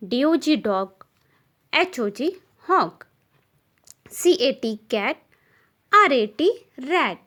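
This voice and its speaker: A woman teacher with an Indian English accent, leading young children through a slow classroom recitation and spelling each word letter by letter. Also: high-pitched, very animated, fairly bright tone. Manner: spells words letter by letter and repeats them.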